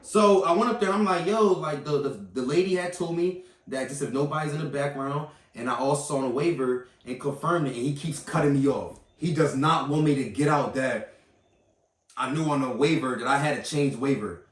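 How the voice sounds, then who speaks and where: A man's voice: mid-range voice, brisk. Man, vlogger, heated storytelling, repeats himself, echoey distant sound. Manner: animated, repeats points for emphasis. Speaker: vlogger recounting an incident. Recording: echoey room, mic at a distance.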